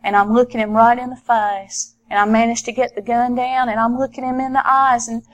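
A middle-aged woman recounts her own experience as a former police officer, speaking earnestly and often restarting her sentences. Her voice sits a little on the high side. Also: little pitch movement, lo-fi sound. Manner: earnest, halting with frequent repeated starts. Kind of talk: personal testimony storytelling.

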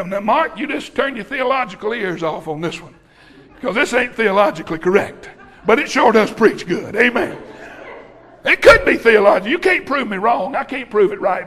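High-voiced preacher shouting. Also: male voice. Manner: folksy, rousing, often shouting. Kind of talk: sermon.

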